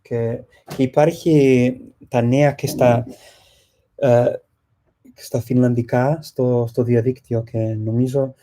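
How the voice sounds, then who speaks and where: A man's voice: mid-range voice, level tone, unhurried, pauses often, dark tone. A man hosting a casual live stream, answering viewer questions with many fillers and restarts. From England. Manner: hesitant, many fillers and restarts while switching languages.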